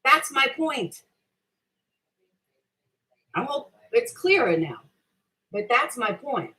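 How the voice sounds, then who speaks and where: Heated, profane woman with a bright voice. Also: sits high, very animated, takes it slowly, rough recording. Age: middle-aged. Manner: combative, profane, defensive, repeats her point. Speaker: livestream host answering chat. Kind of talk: heated casual rant.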